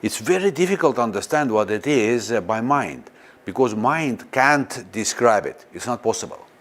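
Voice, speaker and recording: A man teaching a guided meditation in non-native, halting English, often pausing to question a live audience. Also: medium pitch. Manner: slow and lively, questions the audience. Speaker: spiritual teacher.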